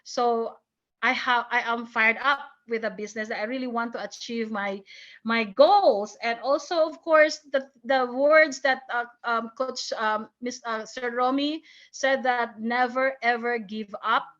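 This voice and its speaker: A woman telling her team about her experience on a video call, excited and hesitant, with many fillers and restarts. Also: on the high side, a little slow, lo-fi sound. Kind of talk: casual chat on a video call.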